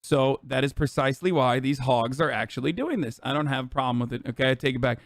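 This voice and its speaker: A man doing casual livestream commentary, profane, sarcastic and animated. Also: mid-range voice, fast, dry recording, studio quality. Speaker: streamer.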